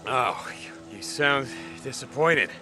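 A calm, terse biker drifter. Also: male voice, slow, music in the background. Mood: concerned. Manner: calm, low-key and terse. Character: steady, quiet male biker drifter. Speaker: video game character. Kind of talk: video game cutscene dialogue.

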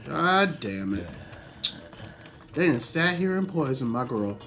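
A young man casually commenting on his own gameplay, chatty and excitable, swearing freely and reacting loudly to what happens on screen. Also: mid-range voice, takes it slowly, long pauses, soft background music. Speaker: gaming channel host.

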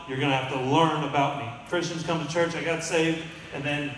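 A man's voice: on the high side, steady tone, brisk, slight background noise. A man preaching a sermon as pastor, calling out to the congregation and building to emphatic peaks. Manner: call-and-response, rising to emphatic peaks. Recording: echoey hall from far off.

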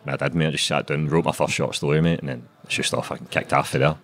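Glaswegian author in his 20s, very low voice, quick laid-back sweary patter. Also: steady tone, fairly bright tone. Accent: Glaswegian Scottish. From Scotland. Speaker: author guest. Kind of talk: casual interview chat.

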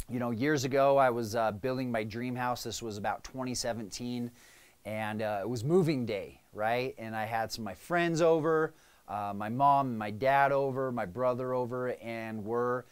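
A man's voice: mid-range voice, smooth. Chatty male coach with check-ins. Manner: conversational, frequent "right?" and "okay?" check-ins. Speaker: business coach. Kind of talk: casual talk to camera.

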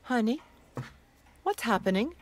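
A woman's voice: a little high, very animated, unhurried. A woman dubbing family elders in a film, fussy and coaxing. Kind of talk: English dubbed film dialogue.

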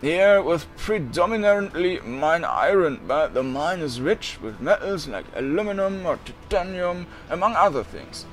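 A man voicing a friendly, chubby bearded shopkeeper in a video game, with a raspy voice that turns thin and breathy when it rises, coughing between lines. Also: a little high, expressive, a little slow, hardly any pauses, soft background music.

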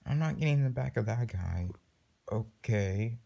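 A man's voice: mid-range voice, lively intonation, normal speed, creaky, dark tone. A man improvising a character in a toy movie, rambling and hesitant.

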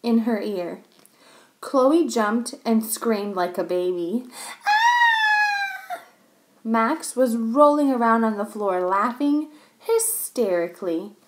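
A woman reading a children's story aloud, pausing to explain things to young listeners. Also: fairly high pitch, animated, slight background noise.

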